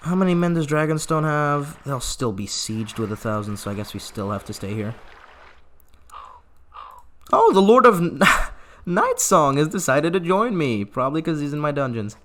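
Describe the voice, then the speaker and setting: A man's voice: on the high side, very animated, moderate pace, fairly bright tone, a little hiss or hum. A man giving casual gameplay commentary, laughing often and reading game text aloud with asides. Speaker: gaming YouTuber.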